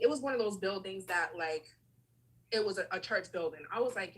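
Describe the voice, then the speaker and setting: A woman on a video call telling a story in a casual, animated way, acting out the lines of people in it. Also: medium pitch, moderate pace, pauses often, husky, poor audio. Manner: animated, acts out dialogue in her stories.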